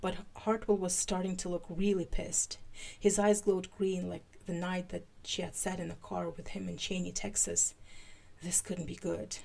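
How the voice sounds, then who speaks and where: A woman with a fairly low, creaky voice hosts a podcast and reads fan fiction live. Her animated delivery falters into halting speech during her asides.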